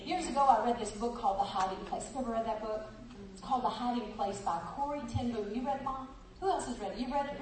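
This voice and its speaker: A woman with a somewhat high voice preaches exuberantly, laughing as she reads a story aloud and speaks directly to her congregation. The recording sounds distant in an echoey room, with slight background noise.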